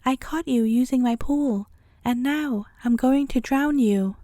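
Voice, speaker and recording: A woman's voice: high voice, a little slow, dark tone, no echo, clean studio sound. A woman voicing a self-pitying, short-tempered old male rhinoceros in a storybook reading, with a mournful, grumbling manner.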